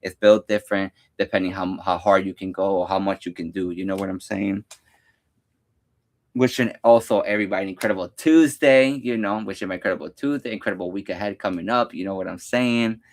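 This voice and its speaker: A man's voice: low voice, fairly even intonation, brisk. A young man casually talking through a home workout, rambling with lots of fillers and counting his reps aloud. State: out of breath at times. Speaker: fitness vlogger.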